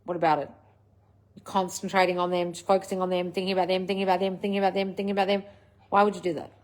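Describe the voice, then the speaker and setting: A woman's voice: lowish voice, little pitch movement, racing, a little mellow. Blunt, swearing woman on a livestream. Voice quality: blunt, swears freely, scolding coach manner. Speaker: livestream host answering viewer comments. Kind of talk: casual live chat, reading out comments.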